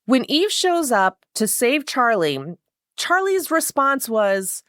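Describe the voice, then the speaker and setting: A woman's voice: fairly high pitch, big pitch swings, takes it slowly, a bit bright, no echo, clean studio sound. A woman casually recapping a horror novel, chatty and profane, acting out quoted lines with wry asides. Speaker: book vlogger.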